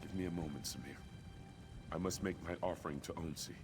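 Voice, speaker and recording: A man's voice: low-pitched, fairly quick. An actor playing an earnest young warrior prince who speaks formally and urgently to his brother in a video game. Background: game music.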